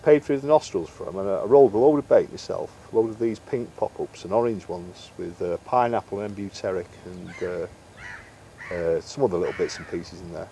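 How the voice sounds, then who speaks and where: A man's voice: deep voice, moderate pace, vocal fry, mellow, slight background noise. A middle-aged man, a guest in an interview, telling fishing stories in a chatty way and acting out the dialogue. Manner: chatty anecdotal, acts out quoted dialogue. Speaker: interview guest, carp angler and bait maker. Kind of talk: casual storytelling interview.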